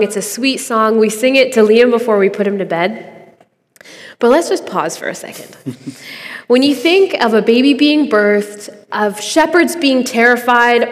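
A woman's voice: on the high side, in a large hall. Earnest woman giving a devotional talk. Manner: earnest, conversational, laughs easily. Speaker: podcast co-host giving a devotional.

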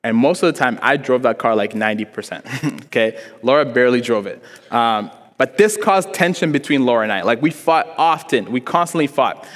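A man's voice: medium pitch, expressive, fairly quick, fairly bright tone. A young man preaching a sermon in a church, telling stories casually with lots of "like" fillers. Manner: casual, storytelling, frequent "like" fillers, acts out quotes. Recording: long reverb in a church hall.

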